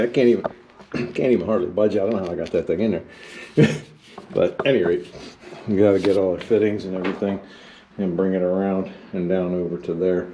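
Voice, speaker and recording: A man's voice: on the low side, warm tone, a little hiss or hum. Folksy DIY guy narrating outdoor work. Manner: folksy, wry and self-deprecating, talks to viewers mid-task. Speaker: DIY home restoration vlogger. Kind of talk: casual narration while working. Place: outdoors at a house and well house, digging.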